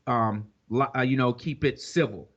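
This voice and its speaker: A man's voice: medium pitch, moderate pace, a bit bright, highs cut off. A man co-hosting a podcast, talking in a rambling, streetwise way with frequent "you know what I'm saying" asides. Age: older than co-host. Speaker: podcast co-host. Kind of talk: casual podcast chat.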